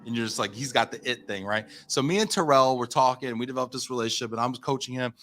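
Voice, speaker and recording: American guy in his 30s on a podcast, telling a story all animated, acts out what he said, lots of likes and ums, mid pitch. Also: fast talker. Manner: animated storyteller, acts out his own quotes, many fillers. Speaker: podcast guest, company founder. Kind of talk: casual storytelling in an interview.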